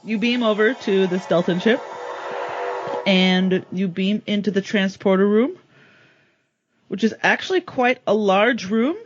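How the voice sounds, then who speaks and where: A woman running a tabletop game as game master, narrating with hesitant pauses as she searches for words, on a dull lo-fi recording. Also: mid-range voice.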